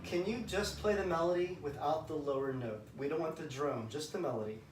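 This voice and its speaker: A man's voice: fairly high pitch, brisk, loud music behind the voice. A man teaching viola, coaching a student encouragingly and singing out phrases on "da" syllables. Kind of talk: music lesson coaching. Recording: roomy, mic at a distance, loud viola playing.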